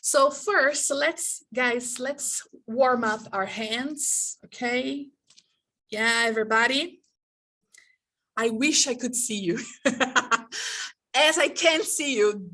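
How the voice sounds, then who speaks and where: A woman's voice: a little high, takes it slowly, sharp tone. A woman leading an online teaching workshop over a video call, engaging her listeners and checking in often with "okay?" and "right?". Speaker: teacher trainer.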